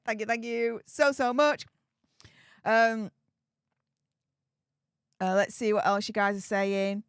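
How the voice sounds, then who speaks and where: A British woman hosting a live stream, chatting casually, laughing often and reading out viewer comments in a frank, animated way. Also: fairly high pitch, measured pace, clean tone, no echo, clean studio sound. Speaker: livestream host reading viewer chat.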